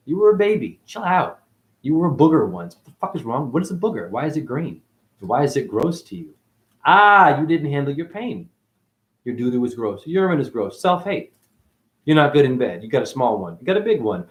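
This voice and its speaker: A man talking straight to his live chat in a rambling spiritual rant. His voice sits at a middle pitch, but it leaps up into loud bursts and drops to low mutters, with plenty of swearing. It sounds like a home webcam or phone mic. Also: big pitch swings, brisk. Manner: profane, swings between loud high outbursts and low mutters. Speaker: livestreamer.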